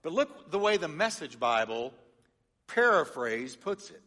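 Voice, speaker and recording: Male pastor, lively teaching sermon, bright tone, long reverb of a church hall. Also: a little high, unhurried. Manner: animated, engages congregation with call-and-response. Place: church sanctuary.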